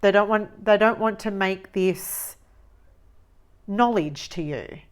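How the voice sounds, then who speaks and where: A woman giving a tarot reading, musing slowly and repeating phrases as she reads the cards. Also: medium pitch, clear, resonant tone. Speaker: tarot reader.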